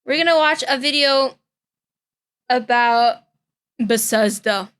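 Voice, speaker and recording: High bright-voiced young woman streamer. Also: slow pace, pauses often. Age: young adult. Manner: chatty, caring, playful. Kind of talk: casual reaction-stream chat.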